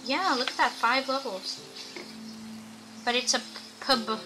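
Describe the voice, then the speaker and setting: Speaking slowly in a high voice, a young woman offers laid-back commentary as she plays a video game, addressing viewers and reasoning aloud. Music sits behind her on a low-quality recording with audible background noise.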